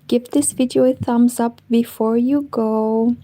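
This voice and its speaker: A woman hosting a casual knitting livestream from home, chatting with viewers in a soft, partly whispered voice. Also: a little high, fairly even intonation, a little slow, dry recording, low-quality recording. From Moldova. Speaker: knitting channel host. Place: home, indoors.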